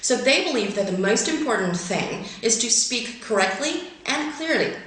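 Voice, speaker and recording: A woman presenting a scripted English lesson, explaining clearly and going through her points in order. Her speech rises and falls with a lively melody. She sounds distant in a very echoey room. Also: fairly high pitch, moderate pace. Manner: clear, structured, lists points one by one. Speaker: host and English teacher. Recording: echoey room, mic far away.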